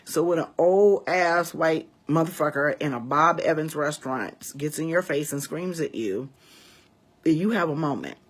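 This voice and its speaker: A woman's voice: sits low, moderate pace, husky. A woman in her forties from Chicago's West Side, telling a story to her viewers in a casual, emphatic and profane way. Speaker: vlogger and priestess.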